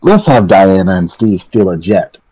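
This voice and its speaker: Husky, low-voiced man, blunt and dismissive. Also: sing-song, normal speed, dark tone, rough recording. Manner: blunt, dismissive, repeats words for emphasis. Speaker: podcast co-host reviewing a film. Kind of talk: casual chat.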